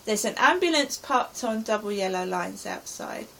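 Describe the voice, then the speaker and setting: A woman's voice: mid-range voice, expressive, normal speed, vocal fry, a bit bright, poor audio. A middle-aged woman from England giving an anxious, rambling account of her day as a personal diary. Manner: anxious, rambling present-tense retelling. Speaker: vlogger.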